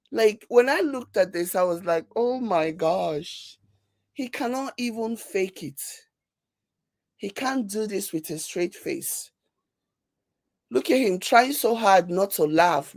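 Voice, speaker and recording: A woman with a Nigerian accent hosting a casual commentary show, reading viewer comments and mocking them with animated, repetitive emphasis. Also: medium pitch, no room sound. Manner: animated, laughing, mocking, repeats herself for emphasis. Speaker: commentary channel host.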